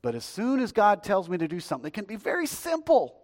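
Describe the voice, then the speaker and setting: A man preaching a sermon, telling stories in a lively, conversational way with jokes aimed at the congregation. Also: high-pitched, very fast, long reverb tail. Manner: storytelling, lively and conversational, joking aside to the congregation. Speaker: pastor.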